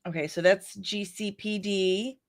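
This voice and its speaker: A woman's voice: mid-range voice, steady tone, a little slow, dry recording, studio quality. A woman hosting a pop culture news show in a casual, chatty way, reading viewer comments aloud and rambling into personal asides.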